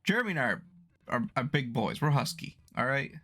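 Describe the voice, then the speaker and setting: A man's voice: medium pitch, very animated, a little fast, a bit bright. A young man co-hosting a podcast, chiming in with clarifications and side comments. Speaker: podcast co-host. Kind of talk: casual chat.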